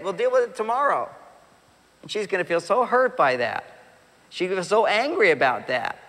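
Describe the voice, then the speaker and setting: Man, middle-aged, animated stage talk, acts out voices, fairly high pitch, long reverb. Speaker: relationship speaker. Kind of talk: live talk to an audience.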